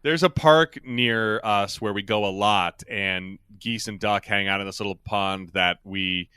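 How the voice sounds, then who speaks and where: A man's voice: lowish voice, a little slow, bright, forceful tone, smooth, no echo, clean studio sound. A man co-hosting a podcast, recapping an episode in casual chat, rambling through asides and laughing often. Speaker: podcast co-host.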